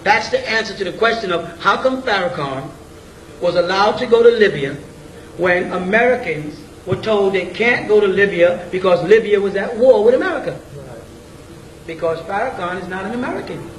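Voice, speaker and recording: A man's voice: high-pitched, fairly bright tone. A man giving an informal lecture to a group, blunt and casual, constantly checking in with questions like "you know what I'm saying?". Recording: echoey room, mic at a distance, faint ambient noise.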